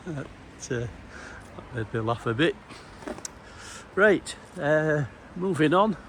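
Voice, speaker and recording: A man's voice: fairly high pitch, animated, slow pace, slight background noise. A middle-aged man and former police officer giving a casual, rambling walking tour outdoors, with dry humour. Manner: meandering, anecdotal, dry humour. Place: outdoors in a small town.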